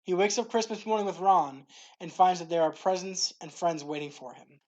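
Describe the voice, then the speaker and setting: A woman's voice: on the low side, moderate pace, muffled recording. Woman host reading a faith lesson. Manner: clear, steady, read-aloud delivery. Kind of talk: scripted devotional narration.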